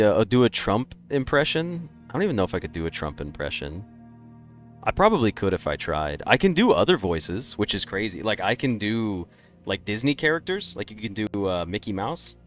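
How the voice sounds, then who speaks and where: A man streaming a game, chatting casually and rambling through opinionated takes. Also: fairly low pitch. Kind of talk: casual live-stream chat.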